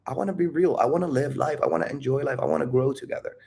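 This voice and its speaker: A man's voice: medium pitch, fast talker, vocal fry, a little mellow. A man talking candidly about dating and his emotions, rambling and calling the listener "dude". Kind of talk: casual talk.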